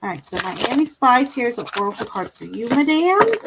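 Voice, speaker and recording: A woman's voice: high voice, lively intonation, measured pace, creaky, noisy background. A woman doing tarot readings on a live stream, chatty, laughing now and then, drawing out her words. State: yawning, a bit tired. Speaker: tarot reader.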